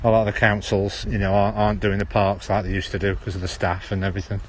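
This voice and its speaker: Man, Stoke-on-Trent accent, low-ish voice, loose rambling walk-and-talk livestream, phone mic outdoors. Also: little pitch movement, fast. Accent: Stoke-on-Trent (Potteries). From Stoke-on-Trent, England. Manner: rambling, chatty, drops H's. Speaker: livestream host. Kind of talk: casual walking livestream. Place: outdoor town park. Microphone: handheld phone.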